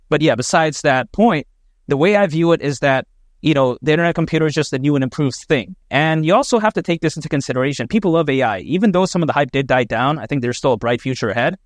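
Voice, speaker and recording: A man's voice: on the high side, no echo, studio quality. A man hosting his own crypto vlog, talking in a chatty, emphatic way with lots of "you know". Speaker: crypto channel host. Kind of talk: casual opinion vlog.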